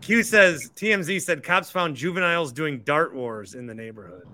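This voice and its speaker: A man's voice: fairly high pitch, lively intonation, normal speed, sharp tone. A man hosting a call-in podcast, chatting casually and teasing his callers. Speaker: podcast host.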